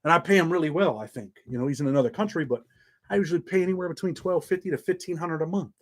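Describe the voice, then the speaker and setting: A man's voice: fairly high pitch, very fast. A middle-aged man hosting his own channel, talking to viewers in a blunt, streetwise and profane way. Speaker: YouTube channel host. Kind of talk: casual monologue to viewers.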